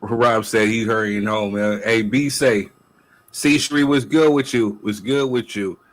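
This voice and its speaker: A man's voice: lowish voice, steady tone, measured pace, low-quality recording. Laid-back man hosting a show. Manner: laid-back, loose, repeats "you know what I'm saying". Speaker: podcast host. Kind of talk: casual chat.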